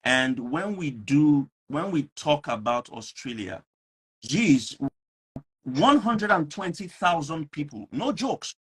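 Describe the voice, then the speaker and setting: A man's voice: on the high side, sing-song, takes it slowly, fairly bright tone, breathy edge. A man hosting an online talk show, speaking earnestly and emphatically, often repeating himself. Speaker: host.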